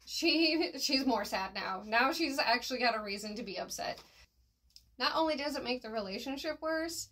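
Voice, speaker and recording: Woman reviewer, chatty and slangy, fairly high voice. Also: lively intonation, normal speed, pushed and bright. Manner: slangy and chatty, with fillers and laughs at slips. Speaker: manga reviewer. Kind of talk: casual chat review.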